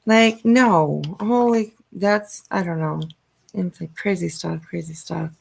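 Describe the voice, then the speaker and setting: A woman hosting a livestream, reading news aloud and commenting in a halting way with frequent ums and uhs. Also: lowish voice, creaky. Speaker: livestream host.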